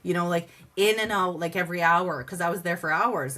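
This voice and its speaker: Woman telling a lively personal story, low voice. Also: fairly quick. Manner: lively storyteller who acts out dialogue, many "like" fillers. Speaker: guest, advocate. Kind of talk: casual podcast storytelling.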